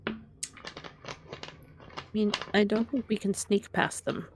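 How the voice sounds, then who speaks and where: A woman's voice: mid-range voice, steady tone, slow, noisy background. A woman weighs in during a tabletop game, plain and matter-of-fact, with typing heard behind her. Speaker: player.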